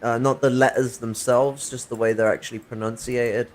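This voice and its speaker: A man's voice: mid-range voice, flat delivery, normal speed. A man in casual political chat on a livestream, rambling and swearing with many fillers and restarts, through a worn-out USB mic. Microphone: failing USB mic.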